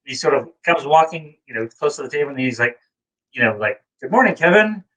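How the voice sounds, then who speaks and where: A man from New England tells stories in a casual chat, wandering through fillers and asides before getting to the point. His voice sits at an everyday middle pitch. He slips into high, excited voices whenever he acts out what someone said. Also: fairly quick, poor audio. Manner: rambling storyteller, acts out quotes in a high voice. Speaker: co-host. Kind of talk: casual chat, anecdote telling.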